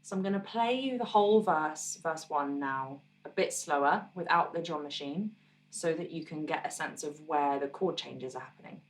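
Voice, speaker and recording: A woman musician teaches her own song on guitar, explaining the parts in a relaxed, encouraging manner and counting beats out loud. Her voice sits low at a normal speed, and she's far from the mic.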